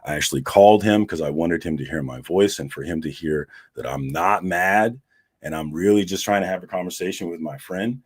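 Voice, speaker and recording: A man's voice: sits low, fast talker, few pauses, darkish tone, husky. A man hosting a casual livestream, talking bluntly and with lots of swearing as he recounts an argument to his viewers. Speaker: host of a comic community livestream.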